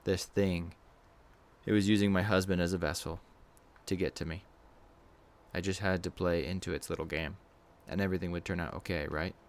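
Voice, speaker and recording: A man giving a steady, measured first-person reading of a scary story as the channel's narrator. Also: deep voice. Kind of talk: scripted horror narration.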